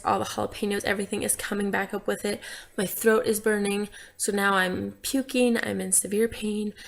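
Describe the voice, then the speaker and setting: A woman's voice: mid-range voice, gravelly. A young woman vlogger casually telling a personal story, chatty and full of "like" fillers.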